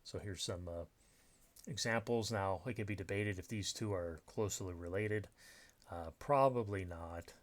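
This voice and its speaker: A low-voiced man works through a recorded grammar lesson over slides, explaining step by step at a moderate pace. As a writing instructor, he uses many fillers and restarts.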